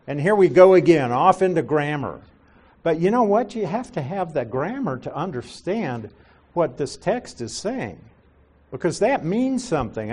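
Male Bible teacher for a class lecture: slow and patient, explains step by step, tosses in rhetorical questions. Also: fairly high pitch, darkish tone. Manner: corrects himself mid-sentence.

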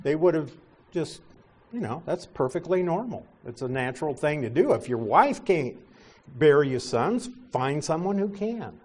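A middle-aged male pastor teaching a sermon, explaining scripture with gentle asides. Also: fairly high pitch, lively intonation, measured pace, slightly rough.

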